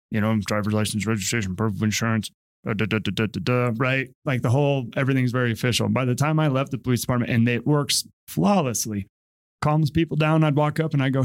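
A man who used to be a police officer, chatting casually and acting out his old traffic stops with lively voices. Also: medium pitch. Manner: animated storyteller, acts out traffic stops. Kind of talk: casual podcast chat.

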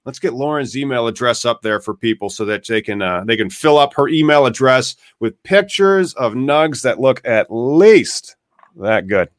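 A man's voice: mid-range voice, lively intonation, normal speed, no echo. Chatty male podcast host, dry sound. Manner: chatty, rambling with fillers. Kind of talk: casual live podcast chat.

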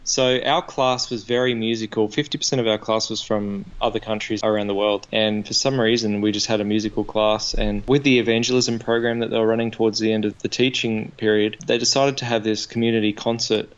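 A man speaks earnestly as an interview guest, his low voice smooth and clear. His intonation stays flat and steady. The audio is a little dull. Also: brisk, few pauses. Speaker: guest, songwriter. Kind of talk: conversational interview.

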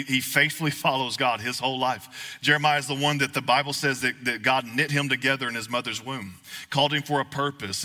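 Bright folksy young preacher in a hall. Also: male voice, medium pitch. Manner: folksy, joking, rising to shouts. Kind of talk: sermon. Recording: echoey hall.

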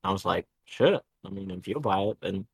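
A man's voice: sits low, lively intonation, normal speed, breathy edge, no room sound. A young man co-hosting a podcast, rambling through a gaming story in casual chat and swearing freely. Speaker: podcast co-host.

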